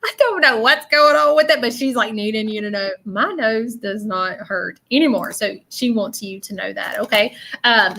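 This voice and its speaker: A woman hosting a live-stream spirit reading, earnest and halting, repeating phrases and close to tears. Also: medium pitch, vocal fry, sharp tone. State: emotional, near tears. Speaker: psychic medium host.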